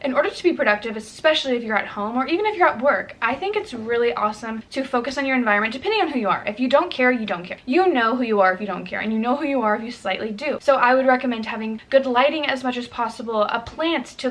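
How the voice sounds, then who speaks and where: Chatty young woman vlogger, higher voice. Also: a bit bright. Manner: chatty, upbeat, lots of "like" and "you know". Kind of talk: casual advice vlog.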